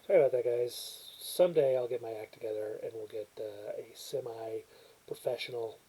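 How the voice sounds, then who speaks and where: A man's voice: mid-range voice, normal speed, warm tone, breathy edge, low-quality recording. A man chatting casually at home into his laptop webcam, rambling and self-deprecating, with frequent restarts as he reads a movie's cover blurb aloud. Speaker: movie reviewer. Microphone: built-in webcam or laptop mic, new mic not set up.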